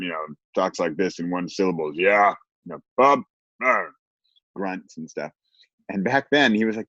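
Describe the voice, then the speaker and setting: Deep-voiced animated man on a call. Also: no room sound, lo-fi sound. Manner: animated, laughs often, acts out quotes. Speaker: guest. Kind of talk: casual conversation.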